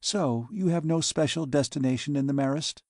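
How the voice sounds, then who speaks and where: A man reads an audiobook in a slightly high, a little mellow voice at moderate pace, recorded dry and clean in a studio. Lightly raising his voice, close to an everyday one, he plays a bold, scheming alien woman in a teasing mood.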